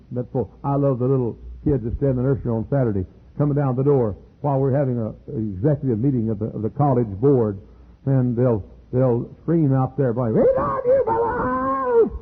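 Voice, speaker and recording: An older man, a pastor, preaching a sermon with animated delivery and sudden leaps into high quoted voices. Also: brisk, slightly rough. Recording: tinny phone-like archive recording.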